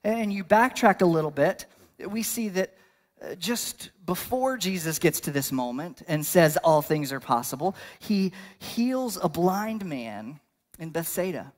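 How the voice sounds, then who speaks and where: A man's voice: high voice, expressive, a little slow. A male pastor delivering a sermon in a conversational style, building to bursts of emphasis.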